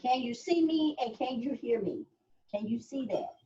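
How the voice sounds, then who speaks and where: A woman's voice: a little high, very animated, moderate pace, dark tone. A woman teaching from her home office over a video call, fiddling with her setup and often saying hold on, wait a minute. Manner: flustered, stop-and-start, keeps saying wait a minute. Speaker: instructor. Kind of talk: casual video-call class chat. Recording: muffled video call audio.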